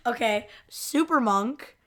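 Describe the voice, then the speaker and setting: A woman with a slightly higher voice co-hosting a casual podcast. She giggles often while retelling scenes and tosses in the characters' lines. The delivery is loose and conversational. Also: animated, drawn-out words, fairly bright tone. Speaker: podcast co-host. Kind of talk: casual chat recapping a TV episode.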